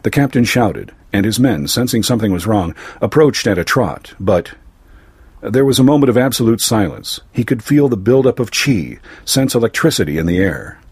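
A man reading a fantasy story aloud in a measured, even way. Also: on the low side, slightly rough, no room sound. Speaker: narrator. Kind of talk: scripted story narration.

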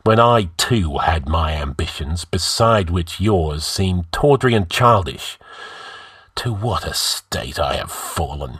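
Man voicing a menacing male sorcerer, bitter, growling, low, husky, storybook reading. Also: a bit bright, no echo, studio quality, full character voice.

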